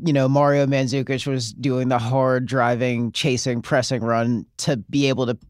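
A man's voice: mid-range voice, flat delivery, moderate pace, no echo, studio quality. A man in a casual sports podcast chat, laid-back and full of "like"s and laughter.

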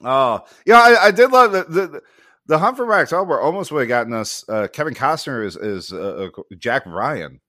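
A man co-hosting a casual chat show, blunt and opinionated, sprinkling in swearing and short laughs. His mid-pitched voice moves around a lot. The sound is dry and close. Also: sing-song, normal speed, pushed and bright, no echo. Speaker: podcast co-host.

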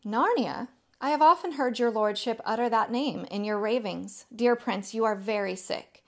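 A witch queen who soothes and mocks at once, pitched higher than a plain speaking voice, as a woman reads her out. Her coaxing, half-teasing tone never lets go. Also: moderate pace, vocal fry, fairly bright tone. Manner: soothing, half-mocking storybook reading. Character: sweetly mocking enchantress queen, coaxing.

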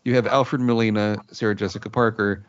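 A man with a low voice talks casually as a podcast co-host. He is critical and hesitant, and uses many fillers. The recording is dull and lo-fi. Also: flat delivery, fairly quick. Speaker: podcast co-host, film reviewer. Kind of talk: casual chat.

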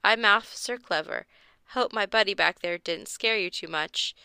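A woman's voice: medium pitch, moderate pace, vocal fry, pushed and bright, clean tone, no echo. A woman voicing a cheerful male police officer who likes to play pranks, speaking in a teasing, friendly way.

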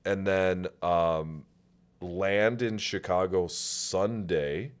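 A man's voice: low voice, extremely slow. A man hosting a podcast, telling stories in a casual, profane, self-mocking way. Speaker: podcast host. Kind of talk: casual storytelling chat.

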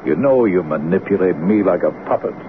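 A man's voice: low voice, expressive, a little fast. A man in his fifties playing a wry, cautious American brigadier general and husband in an old-time radio drama. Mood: teasing. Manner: wry and teasing. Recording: tinny, noisy old radio broadcast.

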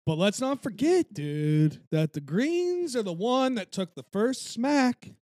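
A man's voice: very high voice, sing-song, slow pace, darkish tone, dry recording, clean studio sound. A man co-hosting a podcast, talking casually with stammers and hesitant restarts. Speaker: podcast co-host. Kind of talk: casual chat.

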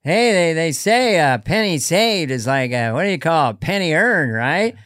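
A man doing an impression of a late deadpan male comedian who meanders through his jokes. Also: a little high, moderate pace, no echo, clean studio sound. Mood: meandering.

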